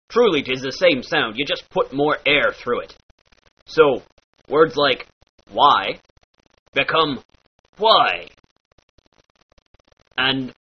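A man's voice: medium pitch, slightly rough. A man giving a playful lesson in pirate speech, using mock-archaic phrasing and demonstrating each sound. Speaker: accent teacher. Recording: dull lo-fi recording.

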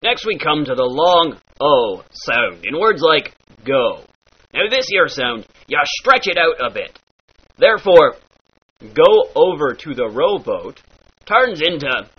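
Husky guy doing a jokey pirate accent lesson, slow and lively, kinda muffled recording. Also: on the high side. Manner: mock-archaic pirate phrasing, demonstrating sounds. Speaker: accent teacher. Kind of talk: playful pirate-speech lesson. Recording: dull lo-fi recording.

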